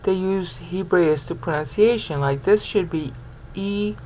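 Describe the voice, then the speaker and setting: A woman's voice: fairly low pitch, normal speed, darkish tone, low-quality recording. A woman teaching a Bible lesson over on-screen text, sounding out words syllable by syllable and checking in with the listener. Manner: explanatory, checks in with "okay?" and "all right?".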